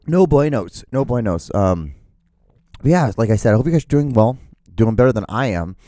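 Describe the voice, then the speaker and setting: Thirtysomething guy rambling on his own podcast, lowish mellow voice, swears a lot, dry close sound. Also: expressive, fairly quick, no room sound. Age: 30s. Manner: meandering, profane, self-mocking, with many fillers and restarts. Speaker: podcast host. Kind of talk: rambling solo podcast monologue.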